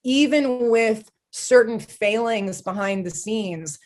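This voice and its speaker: An animated, blunt woman talking as a podcast guest, her voice sitting somewhat high. She swears freely and speaks in a loose, casual conversational way. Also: takes it slowly. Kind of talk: casual interview chat.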